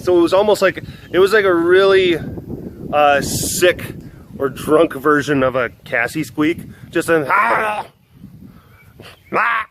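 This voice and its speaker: A man's voice: a little high, noisy background. A man talking casually and rambling through stories outdoors while on a walk, laughing often. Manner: rambling, animated storytelling with laughs. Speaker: animal sanctuary keeper. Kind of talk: casual vlog talk.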